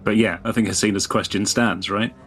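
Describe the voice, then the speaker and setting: A man playing a tabletop game, speaking calmly and bluntly in and out of character. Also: on the low side, a little hiss or hum. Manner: calm, deliberate and blunt in character. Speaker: player. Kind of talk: tabletop role-play, in and out of character.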